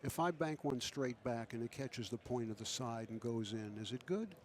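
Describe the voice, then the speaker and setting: A man commentating a pool match in a relaxed, chatty way, asking his co-commentator questions and often restarting his sentences. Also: medium pitch, moderate pace.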